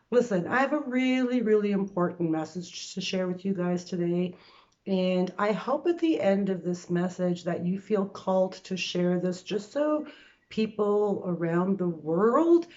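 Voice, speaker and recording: A Canadian woman in her sixties vlogs from her bedroom, telling a personal story to camera in a chatty way full of fillers and restarts. Her medium-pitched voice has a darkish tone, and the recording is muffled.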